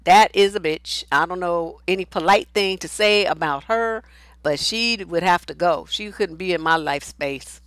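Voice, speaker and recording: A woman's voice: lowish voice, moderate pace, a bit bright, no echo. A woman relationship coach giving casual advice talk and answering viewer comments, blunt and outspoken, swearing freely.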